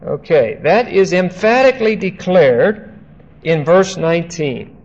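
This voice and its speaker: An older man with a high, expressive, slightly mellow voice works through a Bible passage verse by verse at an unhurried pace. He keeps things conversational, checking in often with "okay?" and adding storytelling asides. The recording is dull and lo-fi.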